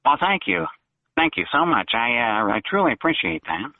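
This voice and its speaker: A man's voice: medium pitch, big pitch swings, moderate pace, no room sound. A male caller on a radio show, talking in a put-on cartoonish drawl. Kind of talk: call-in radio talk. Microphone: phone. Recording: tinny phone line.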